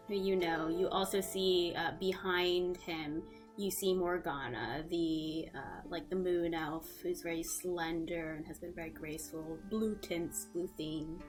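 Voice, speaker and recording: A woman's voice: lowish voice, steady tone, a little slow. Woman game master, casual rambling scene narration, faint music behind. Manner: casual, many fillers.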